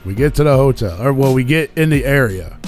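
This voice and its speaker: This man's mid-range voice is animated, brisk and a little mellow as he hosts a radio show. Working as a podcast host, he spins a lengthy tale in laid-back, profane talk, performing the characters' quotes, with faint music in the background.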